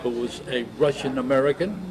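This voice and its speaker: A man in his eighties, a veteran, telling his service story in an oral history interview, halting and reminiscing. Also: mid-range voice, a crowd in the background, rough recording. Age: 80s.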